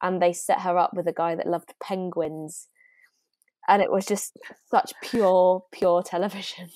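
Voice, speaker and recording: A woman's voice: lowish voice, level tone, a little slow, darkish tone, no echo, clean studio sound. A woman co-hosting a podcast, chatting casually and gushing enthusiastically about shows. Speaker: podcast co-host. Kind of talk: casual chat.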